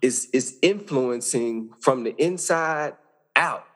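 A man's voice: medium pitch, takes it slowly, a bit bright. A man who serves as a judge, speaking as a podcast guest. He talks earnestly and conversationally, often repeating words and restarting phrases as he builds an idea.

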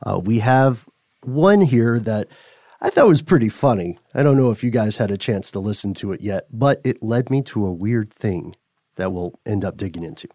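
A man hosting a podcast, explaining things in a measured, casual way and laughing often. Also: on the low side, expressive, mellow, no echo, clean studio sound. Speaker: podcast host.

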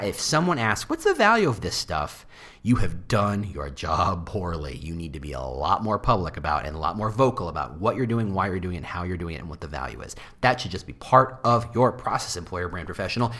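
A man hosting a casual talk show, speaking with wry asides and jumping into high mock voices when quoting people. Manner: animated, jumps into high mock voices for quotes; wry asides, self-deprecating. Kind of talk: casual monologue on employer branding.

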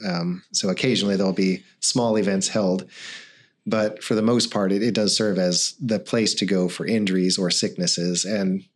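A man's voice: sits low, steady tone, moderate pace. A man narrating as game master, hesitant and full of fillers.

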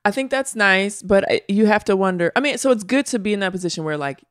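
A woman co-hosting a casual gossip chat, animated and incredulous. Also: mid-range voice, fast, no echo, clean studio sound. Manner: animated, incredulous, lots of likes. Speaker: co-host.

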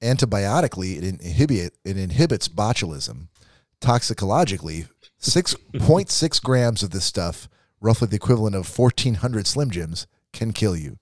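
A man's voice: on the low side, sing-song, moderate pace, dry recording. A man co-hosting a podcast, reading out facts in a dry, jokey way. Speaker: podcast co-host. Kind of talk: reading facts in casual chat.

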